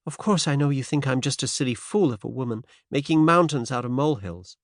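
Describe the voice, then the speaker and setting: A man's voice: mid-range voice, animated, brisk, no echo, studio quality, pitched above the performer's own voice, lightly acted. A male narrator voicing a determined American woman of about thirty with a faint American accent, earnest and worried. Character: determined American wife and mother around thirty. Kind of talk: audiobook character voice.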